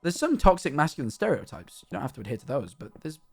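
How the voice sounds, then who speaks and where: This game streamer's medium-pitched, creaky voice is very animated and fast as he rambles in chatty talk packed with fillers and restarts. Faint music plays behind him.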